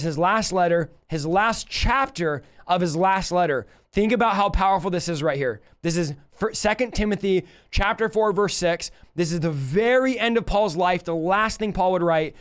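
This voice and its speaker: Male Bible teacher, earnest and heartfelt, high clear voice. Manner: earnest, reads scripture aloud, grows emotional.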